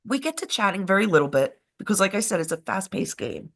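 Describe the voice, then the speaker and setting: A woman co-hosting a live show, telling a rambling, animated story in casual chat, with swearing along the way. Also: mid-range voice, quick pace, gravelly.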